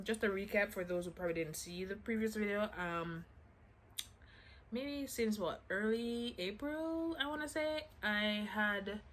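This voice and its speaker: A woman's voice: medium pitch, fairly bright tone, slight background noise. A woman vlogger telling a casual storytime to her viewers in a chatty way, full of "like" fillers and self-mocking asides.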